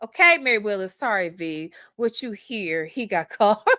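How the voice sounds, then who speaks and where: A woman with a mid-range, expressive voice hosts a casual commentary livestream, reading chat at normal speed in a bright, forceful tone. She repeats points emphatically, swears, and keeps throwing in "okay?". The audio is dry and studio quality.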